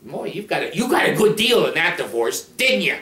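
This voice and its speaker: A man's voice: on the high side, big pitch swings, brisk, pushed and bright. A man counselor talking to camera in a casual monologue, blunt, sardonic and rambling. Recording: roomy sound from a distant mic.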